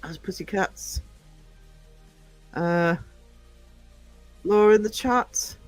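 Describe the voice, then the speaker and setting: High-voiced man chatting on a livestream. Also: drawn-out words, soft background music. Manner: chatty, affectionate, calls viewers sweetie and darling; scattered, frequent ums and trailing off while reading chat. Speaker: live streamer greeting viewers. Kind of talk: casual live-stream chat.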